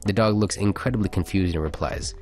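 A man with a somewhat low voice co-hosts a casual radio show, laid-back as he reads listener texts and jokes aloud. Faint music plays underneath. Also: brisk, a little mellow.

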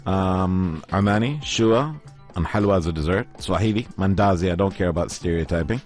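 A man's voice: sits low, moderate pace, darkish tone, soft background music. A man from Oman co-hosting a casual chat, telling stories and acting out what people said. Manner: storytelling, puts on voices when quoting people. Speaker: podcast co-host.

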